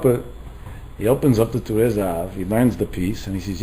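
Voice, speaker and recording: A man giving a Torah lecture as a rabbi, telling a story in an animated way and mixing Hebrew terms into his English. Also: on the low side, brisk, rough recording.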